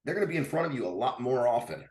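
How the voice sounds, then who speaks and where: A man's voice: medium pitch, sing-song, rapid-fire, darkish tone. Podcast host guy, talks emphatic, kinda roomy echo on him. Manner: emphatic, keeps saying man and right. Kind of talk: casual podcast conversation.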